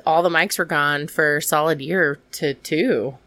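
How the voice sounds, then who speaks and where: A woman comedian who is a guest on a podcast, soft-spoken and easygoing in casual conversation. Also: low-pitched, a little slow, no echo. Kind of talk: casual interview chat.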